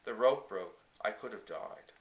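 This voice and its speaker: A man reading the lines of a gentle, steady farm woman in a storybook audiobook, in a calm, measured voice. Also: on the low side, roomy sound. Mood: tender, firm.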